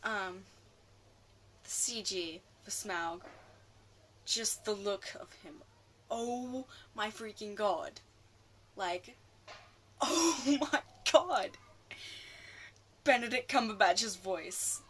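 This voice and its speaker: A woman's voice: medium pitch, extremely slow, long pauses, a little hiss or hum. Rambling woman vlogger. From Australia. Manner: rambling, excitable, often loses her train of thought. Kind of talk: casual film rant.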